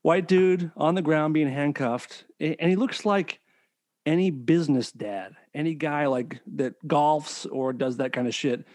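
A male podcast host trading crude jokes in loose, casual banter. His voice sits a little high, and his delivery is quick and irreverent. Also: darkish tone, no echo.

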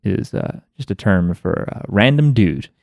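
An American man with a lowish voice chats casually on a podcast, slipping in wry jokes and quick asides. The sound is close and dry, with no room around it. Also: expressive, gravelly, no echo, muffled recording. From United States. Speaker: podcast host. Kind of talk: casual recap chat.

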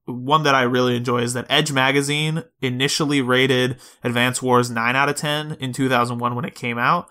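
A man co-hosting a podcast in loose, casual chat, with a bright, forward voice. He fills pauses with fillers and laughs easily. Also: medium pitch, fairly even intonation. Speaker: podcast co-host.

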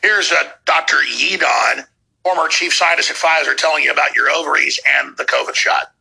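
A man's voice: on the high side, normal speed, gravelly, bright, forceful tone, husky, poor audio. A man hosting a podcast, ranting with heated sarcasm between played clips. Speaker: podcast host. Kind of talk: ranting commentary over clips.

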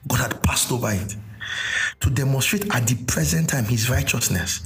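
A man's voice: mid-range voice, moderate pace, a bit bright. Man preaching with homely illustrations. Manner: illustrates with stories, repeats key phrases. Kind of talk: sermon teaching.

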